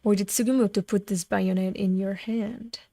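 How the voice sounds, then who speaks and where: A woman's voice: medium pitch, steady tone, moderate pace, dark tone, no room sound, studio quality. A young adult woman reading a comic aloud at home, voicing every part herself and breaking off to react. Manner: reads all parts herself, breaks off to gush and laugh. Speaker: webcomic reader.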